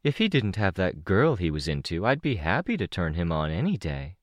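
A man's voice: low-pitched, big pitch swings, normal speed, no echo, clean studio sound. A man doing a young woman teammate, lightly raised.

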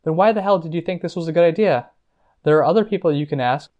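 A man's voice: fairly high pitch, brisk, muffled recording, close to an everyday voice. A man voicing a blunt young woman, a worried cousin who pushes with exasperated questions.

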